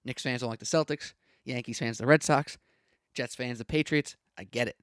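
A young man runs his own sports podcast, delivering an opinionated, punchy rant packed with rhetorical questions. His middle-pitched voice moves at normal speed and is a bit bright, recorded dry and close without any room sound.

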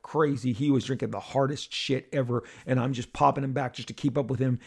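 A man hosting a podcast, telling a story in an animated monologue and acting out the people in it. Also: medium pitch, a little fast, vocal fry, slightly rough. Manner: excitable, acts out the crowd and others in bursts.

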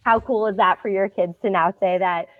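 A woman's voice: mid-range voice, steady tone, brisk, no echo. A woman guest in an interview, telling stories in an earnest, casual way with some fillers. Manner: earnest storyteller, uses fillers. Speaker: guest, founder of a storytelling platform. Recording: tinny phone-like line.

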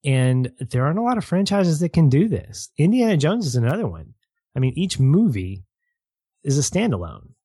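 A man's voice: fairly high pitch, very animated, normal speed, warm tone, husky, no echo. Guy rambling on a film podcast as a guest, laughs a lot, dry sound. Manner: rambling, restarts, laughs easily. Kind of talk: casual film podcast chat.

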